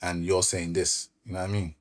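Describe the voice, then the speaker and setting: A man's voice: low-pitched, little pitch movement, brisk. A man from London with a London accent, a podcast guest casually telling his story in street slang with quoted back-and-forth. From Brixton, London. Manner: laid-back street slang, recounts events with quoted dialogue.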